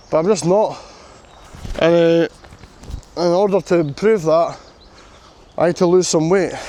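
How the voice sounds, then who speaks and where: Man, vlogger, worn out outdoors, fairly high pitch, chatty and self-mocking. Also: darkish tone. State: tired and sore from long walk. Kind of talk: walking vlog to camera. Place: outdoors on a coastal path.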